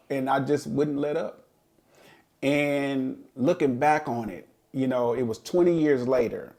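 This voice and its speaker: A man's voice: medium pitch, measured pace, gravelly, warm tone. A middle-aged man and podcast co-host, telling a personal story in an earnest, reflective way during a casual chat.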